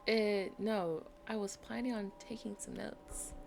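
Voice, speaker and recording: A woman voicing a polite detective in a video game with a put-on Irish accent and a gravelly edge. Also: mid-range voice, fairly even intonation, a little slow, slight background noise.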